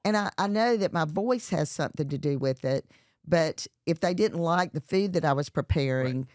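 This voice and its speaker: A woman's voice: deep voice, expressive, normal speed, darkish tone, no echo, clean studio sound. A middle-aged woman with a Southern US accent, a chef and entrepreneur talking as an interview guest, chatty with many fillers and restarts. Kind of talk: casual interview talk.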